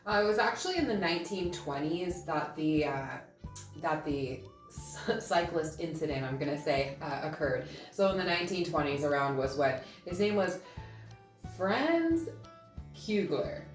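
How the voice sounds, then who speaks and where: A woman's voice: low-pitched, normal speed, distant mic. A woman co-hosting a casual beer-review chat, giggly and teasing. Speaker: co-host. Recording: roomy, off-mic, faint music.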